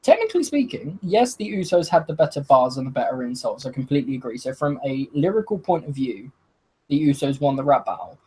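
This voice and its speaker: A man giving a solo review of a wrestling show, excitable and laughing, swearing often and acting out what the wrestlers said. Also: medium pitch, fast talker, breathy edge, low-quality recording. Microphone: video call.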